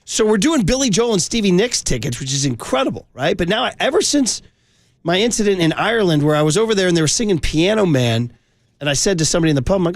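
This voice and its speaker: A man's voice: sits high, big pitch swings, fast talker, no echo, clean studio sound. A man hosting a sports radio show, rambling and chatty in casual conversation. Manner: rambling, chatty, laughs often.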